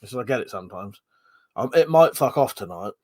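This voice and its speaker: Man, casual stream host, chatty and rambling, swears, short of breath, mid-pitched. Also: lively intonation, fairly quick. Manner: chatty, swearing, reads chat aloud and rambles. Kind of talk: casual chat.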